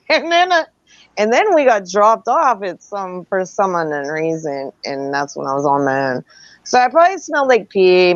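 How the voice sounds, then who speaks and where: A middle-aged woman with a fairly low voice tells an animated, profane story in casual chat, laughing as she goes. The recording is dry and close, with a slightly dull, lo-fi sound. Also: no room sound.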